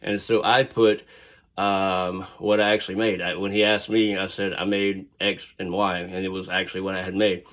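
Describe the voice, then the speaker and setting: A man's voice: sits low, little pitch movement, normal speed, fairly bright tone. A man casually telling a personal story, rambling and digressive with frequent fillers.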